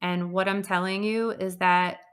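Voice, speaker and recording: A woman hosting her own podcast, telling a personal story in an earnest, reflective way with frequent pauses. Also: medium pitch, flat delivery. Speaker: podcast host.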